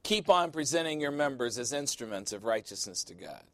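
A male pastor preaching a sermon, animated and storytelling, often quoting others in playful voices. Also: medium pitch, a little fast, no room sound.

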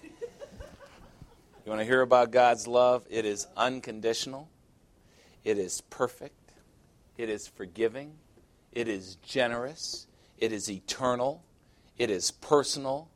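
In an unhurried mid-range voice, a man preaches with emphasis, reading passages of scripture, offering commentary, and speaking directly to his congregation.

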